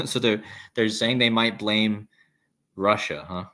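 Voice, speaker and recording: A man's voice: lowish voice, fairly even intonation, takes it slowly, pushed and bright. A man hosting a casual live stream, rambling with restarts and reading viewer comments aloud. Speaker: livestream host.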